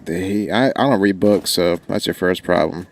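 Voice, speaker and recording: Young man, mild country accent, lowish voice, rambling streamer chatter, faint background hiss. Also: moderate pace. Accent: mild rural American country accent. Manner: rambling and joking, often trailing off. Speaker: livestreamer. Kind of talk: casual chat with stream viewers while gaming. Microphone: desk microphone.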